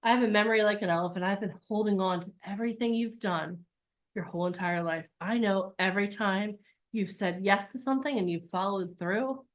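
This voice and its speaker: A woman voicing a calm, knowing elephant that remembers everything. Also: mid-range voice, brisk, highs cut off, voice pushed down, close to an everyday voice. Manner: soothing, knowing. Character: calm know-it-all elephant with a long memory.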